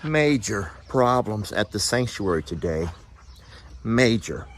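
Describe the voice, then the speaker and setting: A man, talking casually to viewers of his animal sanctuary vlog in a folksy, drawn-out way, outdoors on a farm. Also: on the low side, expressive, slight background noise. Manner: folksy, drawn-out, slow emphasis. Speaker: animal sanctuary owner and vlogger.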